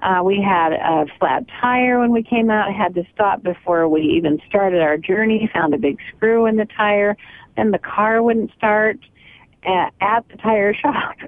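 A woman's voice: medium pitch, a little slow, no echo. Grandmother radio co-host, dry and tinny. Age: older. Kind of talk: casual radio chat. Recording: dry, narrow phone-like radio sound.

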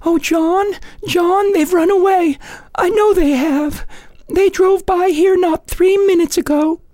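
A man voicing a frantic middle-aged wife in a read-aloud story, pleading in a very high, strained voice. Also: steady tone, slow, warm tone, dry recording. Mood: distraught.

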